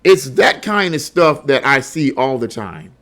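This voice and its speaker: A man's voice: medium pitch, sing-song, measured pace, fairly bright tone. A middle-aged man giving blunt, heated solo commentary, often repeating words as he gets worked up. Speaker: political commentary host.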